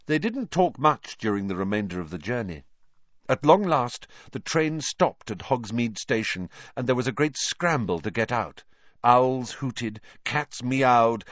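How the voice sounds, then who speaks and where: Guy reading a story out loud, lively up and down voice, dry dull audio. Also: fairly low pitch, dry recording. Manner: animated storytelling. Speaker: narrator. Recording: dull lo-fi recording.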